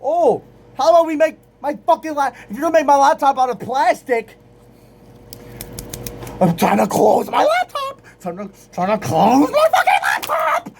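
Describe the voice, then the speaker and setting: High, lively young man ranting. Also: moderate pace, creaky. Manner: exasperated, swears constantly, bursts into shouts. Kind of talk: profane rant to camera.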